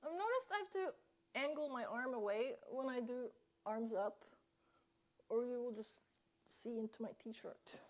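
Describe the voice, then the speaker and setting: A woman's voice: fairly high pitch, unhurried, long pauses. A woman streamer chatting casually on a live stream from home into her phone, swearing often. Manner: chatty, swears a lot, yells at bugs. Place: indoors at home.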